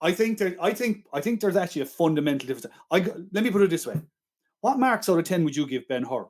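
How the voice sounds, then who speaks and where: An enthusiastic man co-hosting a casual film podcast, defending his favourite film with emphatic praise and quick rebuttals. His voice sits a little higher than most men's. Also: sing-song, darkish tone. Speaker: podcast co-host. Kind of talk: casual film-review chat.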